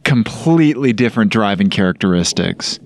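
A man's voice: fairly low pitch, lively intonation, moderate pace, dry recording. A man co-hosting a podcast in casual chat, rambling and playful, often hesitating as he talks. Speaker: podcast co-host.

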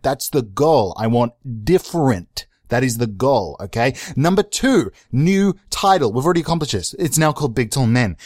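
A young man hosting a solo comedy podcast, rambling and self-mocking with frequent restarts and sudden excited jumps in pitch. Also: moderate pace, few pauses, no echo, clean studio sound. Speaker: podcast host.

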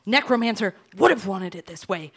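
A woman's voice: medium pitch, animated, brisk, creaky, fairly bright tone, husky, heavily acted. A woman playing a cocky, foul-mouthed young wannabe supervillain in a comedy audio drama. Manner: cocky, swearing constantly. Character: brash foul-mouthed young villain wannabe, gun-waving mugger.

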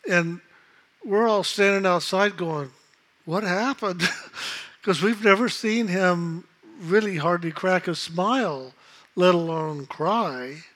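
A man calmly telling a personal story in a reflective, unhurried way, acting out the voices of others in it. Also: fairly high pitch. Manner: calm, unhurried, reflective, acts out quoted voices. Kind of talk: casual spoken storytelling.

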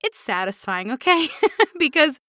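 Woman, high lively voice, sassy podcast co-host, bright tone. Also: measured pace, no room sound, studio quality. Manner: sassy, emphatic retorts. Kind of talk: casual podcast chat.

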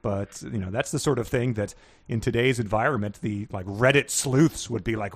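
A man co-hosting a podcast, joking in a casual chat with animated asides and laughter. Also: lowish voice, moderate pace, breathy edge. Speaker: podcast co-host.

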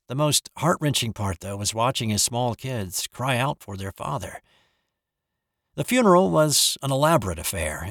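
A man reading a first-person ghost story aloud in an expressive, dramatic way. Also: lowish voice, no echo, studio quality.

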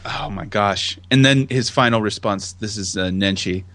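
A man co-hosting a casual chat podcast, animated and laughing often as he reads tweets aloud in voices. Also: on the low side, normal speed. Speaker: podcast co-host.

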